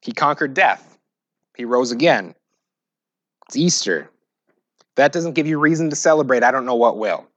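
A pastor preaching a sermon, moving between loud, emphatic scripture reading and quiet, joking asides. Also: male voice, medium pitch, expressive, moderate pace, long pauses, dry recording. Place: church.

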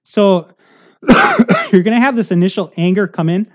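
A man's voice: sits high, wildly swooping pitch, unhurried, muffled recording. A middle-aged male pastor preaching a sermon in a conversational, earnest way, often checking in with the congregation.

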